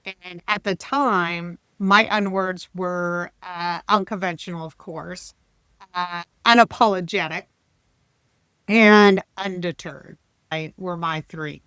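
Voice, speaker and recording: Bright, crisp-voiced woman in her fifties. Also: on the low side, slow pace, dry recording. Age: 50s. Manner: chatty and animated, with laughs and restarts. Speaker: leadership coach, podcast guest. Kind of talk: casual podcast interview.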